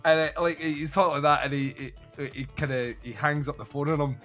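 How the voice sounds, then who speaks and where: A man's voice: fairly high pitch, fairly quick, soft background music. A man hosting a film podcast, chatting casually, swearing and acting out film scenes. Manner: swearing, animated, acts out scenes. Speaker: podcast host.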